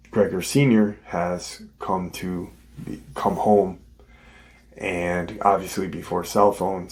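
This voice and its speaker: A man with a fairly low voice talks slowly and unhurriedly. He casually retells someone else's story as the host of his own show, in plain conversational speech. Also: darkish tone. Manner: retelling a witness account in a conversational way.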